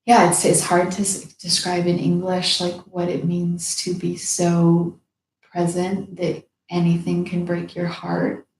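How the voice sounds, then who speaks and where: A woman's voice: fairly low pitch, monotone, unhurried, vocal fry, darkish tone, slight background noise. A young woman talking candidly and emotionally in a casual heartfelt conversation, swearing freely. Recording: echoey room.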